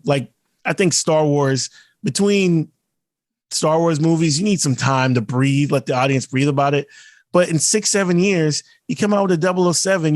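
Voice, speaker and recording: A man's voice: fairly high pitch, dry recording, studio quality. A man co-hosting a podcast, talking in a rambling, emphatic way with some swearing. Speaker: podcast co-host. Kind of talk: casual chat.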